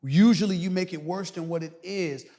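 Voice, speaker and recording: A middle-aged man as a guest commentator, talking loudly and emphatically on a podcast. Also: sits high, moderate pace. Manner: loud, animated, preacher-like emphasis. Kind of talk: emphatic podcast interview talk. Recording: reverberant room.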